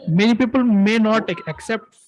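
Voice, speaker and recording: A man in casual chat, giving excited, rambling opinions with frequent restarts as he ranks films. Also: high voice, moderate pace, rough recording. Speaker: co-host ranking films.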